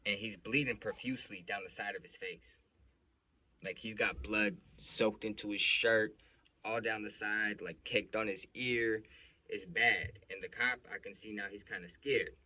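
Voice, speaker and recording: A man's voice: lowish voice, steady tone, a little slow, bright, forceful tone. A young man casually telling a personal story, blunt and profane, with plenty of emotion.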